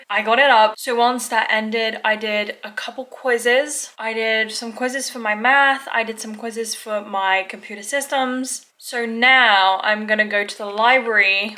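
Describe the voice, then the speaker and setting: A woman's voice: a little high, sharp tone. A woman in her twenties from England with a mixed British and French accent, chatting casually and upbeat as a student vlogger while out and about. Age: 20s. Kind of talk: casual vlog narration. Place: car and out and about.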